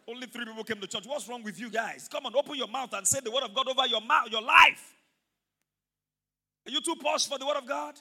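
A pastor preaching with a very high, piercing, sharp-edged voice. He exhorts his congregation with fervent intensity, often breaking into shouts and leading call-and-response lines. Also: a little fast, husky. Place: church service.

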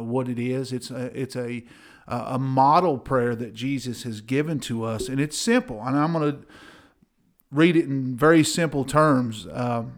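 A middle-aged man, a pastor, talking earnestly and enthusiastically in a casual ministry chat, with many fillers and repeated words. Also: medium pitch.

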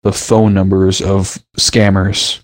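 A man's voice: low voice, level tone, takes it slowly. A young man co-hosting a casual podcast, rambling through his points and joking crudely. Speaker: podcast co-host. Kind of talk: casual podcast chat over voice chat.

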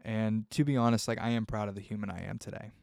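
Gravelly young man, casual podcast ramble. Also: lowish voice, fairly even intonation, fast, darkish tone, no echo, studio quality. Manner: rambling, heartfelt, swears freely, many fillers. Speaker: podcast host. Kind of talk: casual solo podcast talk.

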